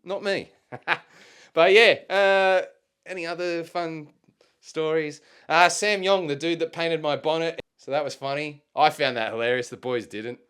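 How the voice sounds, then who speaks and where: Young Australian man, solo podcast host, relaxed slangy delivery with frequent swearing, clean resonant voice. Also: fairly high pitch, normal speed, clean tone. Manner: laid-back, swears freely, lots of ums and slang. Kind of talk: casual rambling chat.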